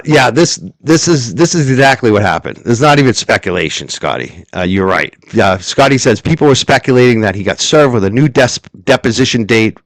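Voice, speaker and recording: A man's voice: mid-range voice, no room sound, clean studio sound. A man hosting a heated commentary stream, taunting and swearing and hammering rhetorical questions. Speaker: show host.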